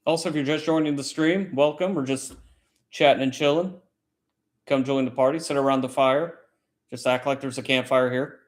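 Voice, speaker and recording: A man's voice: mid-range voice, fairly even intonation, normal speed. A man hosting a casual late-night chat stream, telling a long story in a rambling, profane way. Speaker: livestream host; military service member.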